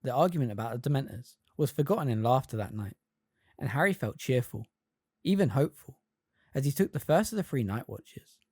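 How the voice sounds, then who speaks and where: A fan reader narrating an audiobook with expressive storytelling. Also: medium pitch, fairly quick, husky, no room sound, clean studio sound. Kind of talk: scripted narration.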